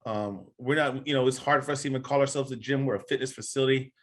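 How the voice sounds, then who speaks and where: A man's voice: mid-range voice, quick pace, fairly bright tone. A man hosting a podcast as a gym coach, talking in an earnest, passionate way that turns emotional. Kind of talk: casual podcast interview.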